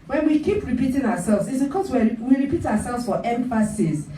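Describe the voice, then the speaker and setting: Preaching in a church hall, a woman pastor repeats phrases emphatically to underline her message. Her voice sits high and sounds expressive, brisk, and mellow; the distant recording carries hall echo and slight hiss or hum.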